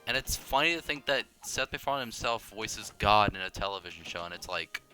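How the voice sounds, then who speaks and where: A man's voice: on the low side, expressive, sharp tone, soft background music. Rambling young man playing pinball. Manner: rambling, self-deprecating, quick restarts and tangents. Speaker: gaming video creator. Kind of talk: casual gameplay commentary.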